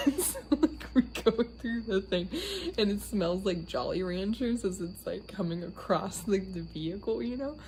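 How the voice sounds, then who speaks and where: A woman's voice: mid-range voice, lively intonation, moderate pace, background noise. A young woman casually telling a funny story, laughing often mid-sentence.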